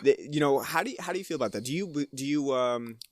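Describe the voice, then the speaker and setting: A male podcast co-host talks casually about a movie, wandering through his points with many fillers and bursts of laughter. His voice sits at an ordinary pitch, recorded dry with no room sound. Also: animated, fast talker, dry recording. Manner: rambling, hesitant, laughs often. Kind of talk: casual film discussion.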